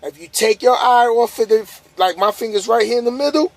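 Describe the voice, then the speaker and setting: Speaking briskly, a tired man with a high voice delivers a pep talk to camera as a trucker vlogger, yawning along the way. He keeps it casual but repetitive and preachy, piling on emphasis as he goes.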